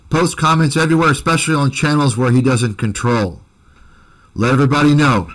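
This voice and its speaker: A man's voice: a little high, poor audio. A man hosting a commentary channel, delivering a combative, accusatory rant to his viewers that is full of repeated insults.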